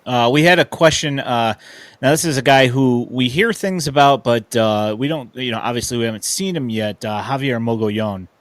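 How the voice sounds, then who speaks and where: A man's voice: mid-range voice, moderate pace, no room sound. A man co-hosting a podcast, asking a question in a hesitant way with many fillers. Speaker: podcast co-host. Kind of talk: casual podcast chat.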